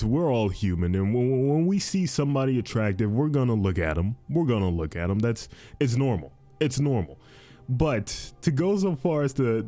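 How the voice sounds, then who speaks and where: Young male podcast host, mellow and animated, casual commentary with faint music behind. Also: mid-range voice. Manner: repetitive, animated, says "dude" and "fiendish". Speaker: podcast host reading advice posts.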